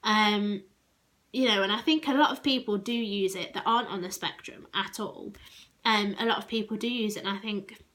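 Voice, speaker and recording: A woman from England talking to camera in a reflective personal vlog, with many ums and restarts and a pace that speeds up and slows down. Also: mid-range voice, a bit bright. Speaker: vlogger.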